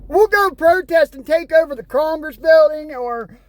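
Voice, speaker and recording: A woman's voice: high voice, moderate pace, no room sound. A woman from the United States ranting in a vlog, exasperated and sarcastic, breaking off to read news headlines aloud. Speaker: vlogger. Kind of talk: angry political rant vlog.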